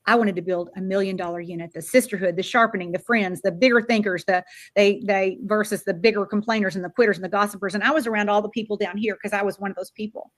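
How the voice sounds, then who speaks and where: Older woman telling an animated story. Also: medium pitch, fast talker. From Florida. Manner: animated, acts out quoted dialogue. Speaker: sales director giving a keynote talk. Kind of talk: motivational storytelling speech.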